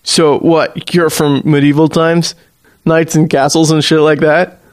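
A man's voice: fairly high pitch, flat delivery, unhurried, lightly acted. A man voicing a scrawny, lazy young slacker who swears and talks in a loose drawl.

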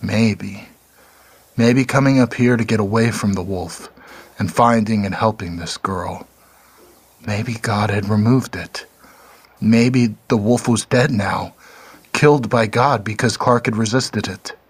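A male narrator reads a dark short story in a slow, measured, somber way. His voice sits low and has a husky edge.

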